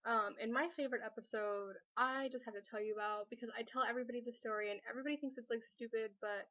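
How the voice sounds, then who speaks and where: A chatty young woman rambles to her camera at home, voice sitting a little high. The sound is slightly dull and lo-fi, like a built-in camera mic in a bedroom. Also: steady tone, fast talker, a bit bright. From Southern California. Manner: rambling and chatty, many fillers. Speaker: vlogger. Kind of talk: casual chat to camera.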